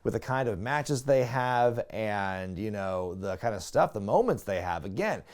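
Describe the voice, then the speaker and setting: A man giving a casual, chatty review of an old wrestling show, excitable and prone to laughing at his own asides. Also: fairly low pitch, a little slow. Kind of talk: casual video review commentary.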